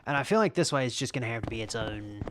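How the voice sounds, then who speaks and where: A man's voice: medium pitch, lively intonation, fast, background noise. An Australian man casually rambling and thinking aloud while streaming a video game. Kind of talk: casual gameplay commentary.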